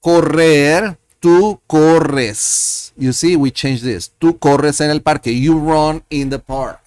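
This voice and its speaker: A man teaching a Spanish lesson, slowly and patiently repeating example sentences as he walks through verb endings. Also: a little high, a little mellow, no room sound, studio quality. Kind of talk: screen-share language lesson.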